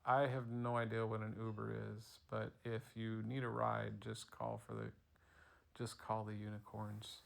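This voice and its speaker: A man's voice: fairly low pitch, completely flat delivery, measured pace, gravelly. A man voicing a cocky old talking tree in a bedtime story, brash and teasing in manner. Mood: matter-of-fact. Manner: brash, teasing, matter-of-fact.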